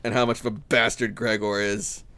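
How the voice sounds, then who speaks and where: A man's voice: lowish voice, normal speed, smooth. A male streamer giving casual, rambling commentary over a game and telling jokey stories. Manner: animated, joking rambling storyteller.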